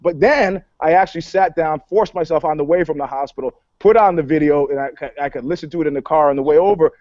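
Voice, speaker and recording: Brash, foul-mouthed higher-voiced man. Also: fast talker, no room sound, lo-fi sound. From New York. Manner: profane, animated storytelling, acts out dialogue. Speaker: podcast co-host, PR commentator. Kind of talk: casual talk-show banter.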